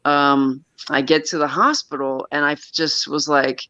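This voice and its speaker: A man's voice: fairly high pitch, little pitch movement, unhurried, bright, forceful tone, no room sound. A man casually telling a long personal story as a guest, rambling with frequent restarts and nervous little laughs. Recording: dull, lo-fi sound.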